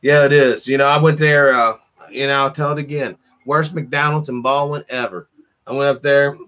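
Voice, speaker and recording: A man hosting a call-in talk show, chatting casually and acting out quotes in animated, profane stories. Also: mid-range voice, normal speed. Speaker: podcast host. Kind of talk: casual chat.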